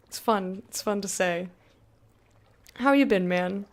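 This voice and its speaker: A woman's voice: mid-range voice, fairly even intonation, unhurried, vocal fry, long pauses. A young woman streaming a game, chatting casually with viewers, laughing often and reading game text aloud. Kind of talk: casual let's-play chat with viewers.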